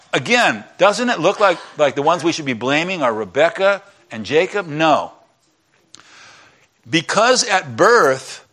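A man preaching a sermon in a church, retelling a story in an animated way and acting out its characters. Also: on the high side. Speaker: pastor.

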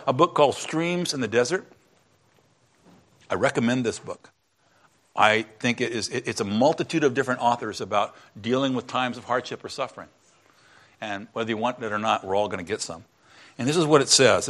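A man's voice: mid-range voice, fairly quick, a bit bright. A man preaching a sermon in a church, teaching in a conversational way and chatting with the congregation between points. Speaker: pastor.

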